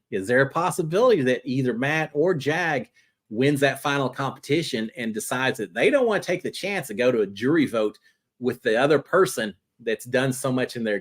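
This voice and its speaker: A man hosting a live reality-TV chat show, answering viewer questions in a chatty, animated way. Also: medium pitch. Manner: chatty and animated, jumping between topics.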